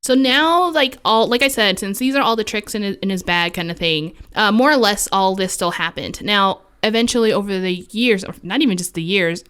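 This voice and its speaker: A woman's voice: medium pitch, moderate pace, few pauses, fairly bright tone, clear, resonant tone. A woman co-hosting a podcast, telling a ghost story in a casual, chatty way with lots of fillers. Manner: chatty, full of likes and fillers, laughs often.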